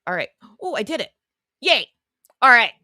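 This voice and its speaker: A woman's voice: on the high side, sing-song, normal speed, sharp tone, no echo, studio quality. A woman hosting a casual live stream, talking in a sarcastic, rambling, chatty way. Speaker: online show host.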